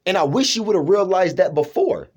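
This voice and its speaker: A man's voice: high voice, big pitch swings, fairly quick, darkish tone, husky, muffled recording. A man talking in a rambling personal monologue, emphatic, restarting often and checking in with his listener. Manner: emphatic, keeps asking "you know what I'm saying".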